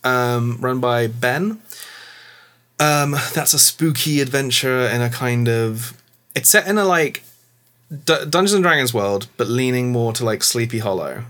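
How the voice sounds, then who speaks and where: A man's voice: mid-range voice, unhurried, fairly bright tone. A man chatting casually on a podcast about playing and running tabletop games, rambling with many filler words. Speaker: tabletop game player and game master.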